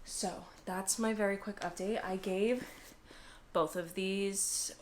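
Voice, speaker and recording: A woman's voice: mid-range voice, steady tone, slow pace, a little hiss or hum. A young woman chatting casually in a book vlog, emotional and teary, with frequent laughs and swearing. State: teary, close to crying. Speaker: book vlogger.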